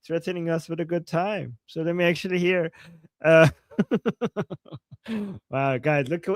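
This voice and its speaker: High-voiced man mocking, laughing a lot. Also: unhurried, no room sound, studio quality. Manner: mocking, theatrical, laughs often. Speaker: co-host of a live political stream. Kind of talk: sarcastic live-stream commentary.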